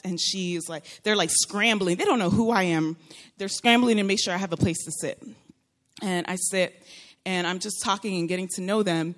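A young woman telling a personal story in a casual, animated way, laughing often and acting out what people said. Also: mid-range voice. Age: young adult. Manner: animated, laughing often, acts out quoted voices.

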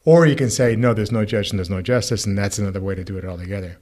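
A man, a rabbi co-hosting a podcast, explaining ideas in a relaxed conversational way and acting out quoted lines with lively shifts. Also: very fast. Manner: animated, acts out quoted voices with rising pitch. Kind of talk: casual theological conversation.

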